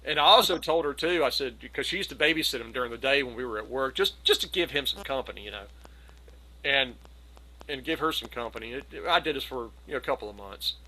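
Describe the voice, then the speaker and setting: Bright-voiced man telling a story. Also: medium pitch, fast talker, low-quality recording. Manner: animated anecdote, acts out quoted voices. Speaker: community gathering participant. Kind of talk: casual storytelling. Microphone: video call.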